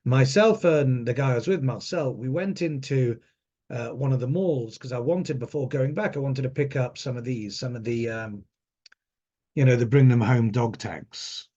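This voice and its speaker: A man in his fifties recounts a recent trip in loose, conversational speech. He often trails off with fillers and restarts his sentences. His pitch sits in the middle range, and the recording is somewhat dull. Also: normal speed, dark tone. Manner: rambling, frequent fillers and restarts. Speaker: association officer. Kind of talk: casual spoken trip account.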